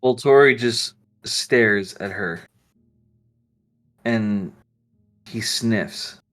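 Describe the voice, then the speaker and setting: A man narrating as game master in a relaxed, casual way. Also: on the low side, extremely slow, soft background music.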